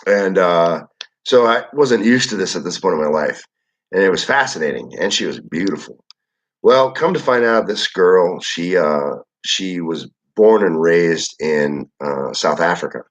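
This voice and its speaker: A young man with a very low voice rambles through a live chat, loose and relaxed. His talk is full of filler words and casual swearing. The audio is dull and lo-fi. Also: measured pace. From Michigan, USA. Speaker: livestream host reading chat.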